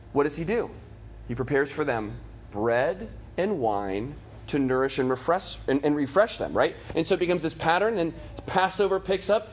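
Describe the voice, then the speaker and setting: A Bible teacher leads a catechism class, talking casually with his students and filling his speech with fillers, restarts and "right?" check-ins. His voice is a little high, with a breathy edge.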